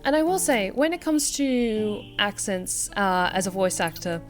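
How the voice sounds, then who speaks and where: A woman voice actor chats casually while she plays a game on stream at home. She is reflective and self-deprecating, with a mid-range voice. Game music plays clearly behind her words. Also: medium pitch, lively intonation, unhurried. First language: not originally American. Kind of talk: casual gameplay commentary.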